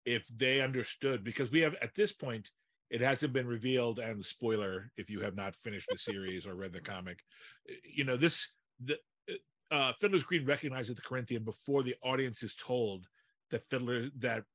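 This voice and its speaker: Male podcast co-host, husky voice, measured delivery, dry recording. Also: mid-range voice, fairly bright tone, dry recording. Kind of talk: casual TV discussion.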